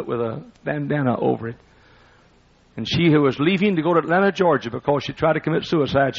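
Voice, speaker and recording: A man's voice: mid-range voice, vocal fry, husky, highs cut off. A man preaching a Baptist sermon in a church, telling a story with dramatic passion and then calling listeners forward. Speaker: Baptist pastor. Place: church sanctuary.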